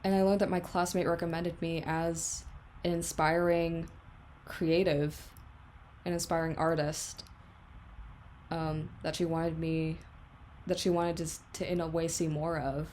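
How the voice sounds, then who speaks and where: Brief: young woman vlogger, lowish voice, candid and reflective, loose casual delivery, faint noise behind. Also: flat delivery, measured pace, a little mellow. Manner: candid, reflective, filler-heavy. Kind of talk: casual confessional vlog.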